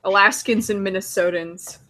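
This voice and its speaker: A woman's voice: mid-range voice, steady tone, normal speed, pushed and bright, slight background noise. A Canadian woman hosting a casual group chat, teasing and laughing often.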